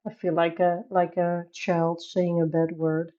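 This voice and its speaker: A woman's voice: fairly low pitch, level tone, unhurried, mellow, muffled recording. A woman from the Netherlands with a Dutch accent, chatting casually on a coloring live stream, reading chat aloud and laughing often.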